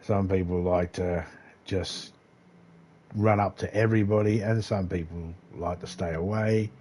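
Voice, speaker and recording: Deep and darkish, this man's voice keeps a steady tone and moves a little slowly. He's an Australian gaming livestreamer casually commenting as he plays, laid-back and rambling, swearing here and there.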